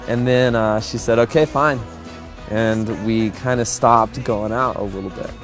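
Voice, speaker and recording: A man's voice: on the low side, little pitch movement, measured pace. A young man in his twenties tells how he met and proposed to his fiancée, easygoing and chuckling, with many fillers. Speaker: groom-to-be telling his love story. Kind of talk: casual interview storytelling. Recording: soft music underneath.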